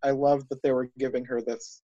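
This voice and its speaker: A man's voice: medium pitch, level tone, brisk, mellow, no echo. A man in casual chat, enthusiastic and rambling, thinking aloud as he talks. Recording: dull lo-fi dry sound.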